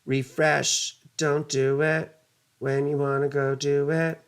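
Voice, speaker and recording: Slow-talking, easily flustered woman astrologer. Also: deep voice, little pitch movement. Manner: easily flustered, swears under breath, rambling asides. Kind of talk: casual livestream astrology lesson.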